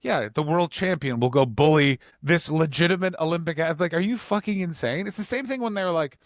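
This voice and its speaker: A man co-hosting a podcast, telling stories in an animated, ranting way full of swearing. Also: fairly high pitch, fairly quick, dry recording, studio quality. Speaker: podcast co-host. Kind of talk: casual comedic chat.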